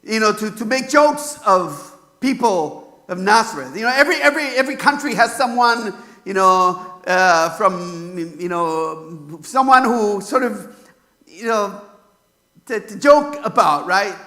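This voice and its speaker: California pastor guy, really high bright voice, chatty sermon, lots of "you know" and "right?". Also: lively intonation, unhurried. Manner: conversational preaching, many fillers and rhetorical questions.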